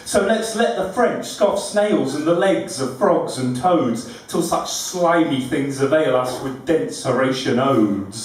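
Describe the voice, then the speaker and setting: A man performing his own rhyming poems at a live event, with a rhythmic, deliberate and witty delivery. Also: on the high side, distant mic. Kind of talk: rhyming poetry recitation. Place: live venue room. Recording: very echoey room, recorded from afar.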